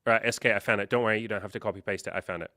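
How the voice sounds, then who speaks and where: A man hosting a livestream as a life coach, chatting casually and reading out viewer comments, with lots of fillers and quick quoted reactions. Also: on the low side, steady tone, bright, forceful tone, no room sound, clean studio sound.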